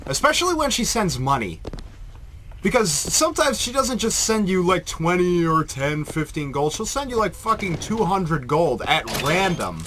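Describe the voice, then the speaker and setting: Man, rambling Let's Play commentator, swears freely, fairly high voice, game noise behind. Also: very animated, moderate pace, a bit bright. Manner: rambling, profane, joking.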